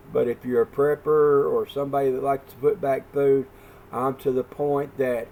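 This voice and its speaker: A man chatting casually on his vlog about stocking his home food shelf, talking in a rambling, folksy way with lots of pauses. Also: mid-range voice, darkish tone, slight background noise. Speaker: vlogger, home food prepper. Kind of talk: casual chat.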